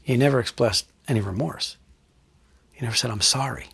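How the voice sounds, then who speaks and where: Middle-aged ex-trooper guy, husky, blunt and sweary, goes low and quiet to hit a point, dry close sound. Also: fairly quick, no echo. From New Jersey. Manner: blunt, profane, drops low and quiet for emphasis. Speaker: retired state trooper recounting a case. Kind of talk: candid interview storytelling.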